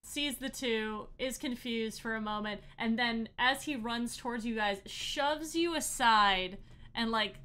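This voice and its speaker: A woman game master narrating a tabletop game in a casual, filler-laden way. Her voice is bright and clear, a touch high. She describes the scene as it unfolds.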